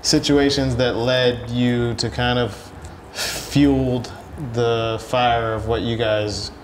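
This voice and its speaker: A man's voice: medium pitch, flat delivery, slow pace, a little hiss or hum. A man hosting an interview podcast, listening attentively with many short affirmations. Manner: supportive listener, frequent "mm-hmm". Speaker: podcast host.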